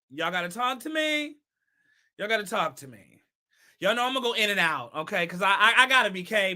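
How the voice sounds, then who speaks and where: A woman from the San Francisco Bay Area hosts her own talk show, her fairly high voice pushed and bright. She gives chatty, casual commentary, repeating words and throwing in emphatic asides.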